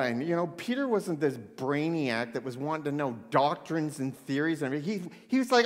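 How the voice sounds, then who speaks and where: Male preacher, fairly high voice, lively and then suddenly hushed, long reverb of a big hall. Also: moderate pace. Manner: animated, swings between loud excitement and hushed intensity. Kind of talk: sermon.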